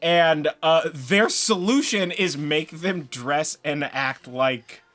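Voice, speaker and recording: A young man co-hosting a casual review show, chatting quickly, laughing and acting out quotes. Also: a little high, a bit bright. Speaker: podcast co-host.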